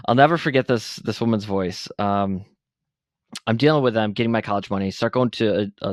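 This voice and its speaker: A man's voice: mid-range voice, dry recording. Buffalo guy in his 40s, podcast guest, blunt and sweary, dry close sound. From Buffalo, New York. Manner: blunt and profane, animated retelling. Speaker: podcast guest, veteran entrepreneur. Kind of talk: candid interview storytelling.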